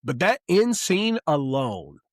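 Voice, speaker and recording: A man's voice: a little high, slow pace, no room sound, clean studio sound. A man co-hosting a podcast in casual chat. He rambles enthusiastically, swears a lot and fills gaps with "um" and "like". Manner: excitable, heavy swearing, rambling with fillers. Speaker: podcast co-host.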